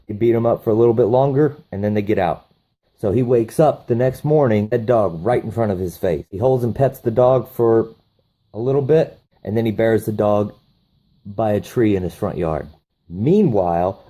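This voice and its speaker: A man's voice: on the low side, dark tone. A man reviewing a movie, recapping the plot casually with profane enthusiasm.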